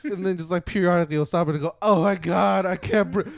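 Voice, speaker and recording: A man, co-hosting a podcast in casual chat, who tells animated stories, acts out quotes and swears freely. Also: sits high, fast talker, vocal fry, no echo. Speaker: podcast co-host.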